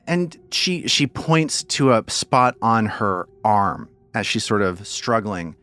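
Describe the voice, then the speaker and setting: A man running a tabletop game as game master, narrating in a relaxed way and often repeating words as he thinks. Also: on the low side, slow, few pauses, clean tone, faint music behind.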